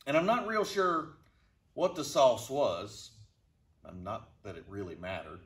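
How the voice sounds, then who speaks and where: A man casually telling a funny travel story to his channel, with a slow, deadpan drawl. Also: lowish voice. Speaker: storyteller vlogger. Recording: roomy, distant from the mic.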